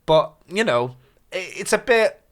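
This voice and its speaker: A man's voice: high-pitched, measured pace. A man co-hosting a gaming podcast, chatting casually and animatedly, swearing freely as he rants about a game. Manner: animated, swears freely, lively ups and downs. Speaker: podcast co-host.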